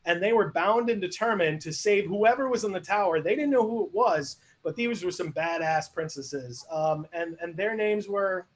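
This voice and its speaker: A man's voice: high-pitched, moderate pace, few pauses. A man hosting a live online improv show, narrating scenes and asking the audience for suggestions in a chatty, laughing way.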